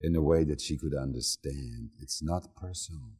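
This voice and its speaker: A man's voice: rumbling low, moderate pace, warm tone, husky. A man teaching, telling a personal story in an informal, storytelling way. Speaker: Human Design teacher. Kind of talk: talk to a group.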